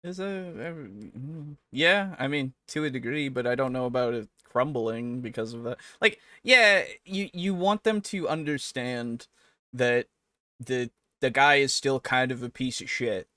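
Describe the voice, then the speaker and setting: A man with a bright, forceful voice talks casually as a podcast co-host, animated and swearing often. The recording is dry and close, with no room sound. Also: mid-range voice, measured pace, no echo. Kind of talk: casual chat.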